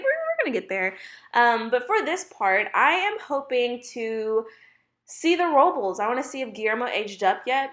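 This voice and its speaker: A woman's voice: on the high side, a bit bright, roomy sound. A young woman chatting over her game footage in a bubbly, gushing way, full of "like" and exclamations. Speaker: gaming YouTuber. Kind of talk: casual gameplay voice-over. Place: home room with dogs.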